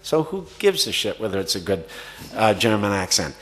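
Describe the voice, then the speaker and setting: This man's voice is on the low side, a bit bright and sing-song, at a normal speed. He rambles through audience questions about acting at a festival Q&A, using many fillers and restarts.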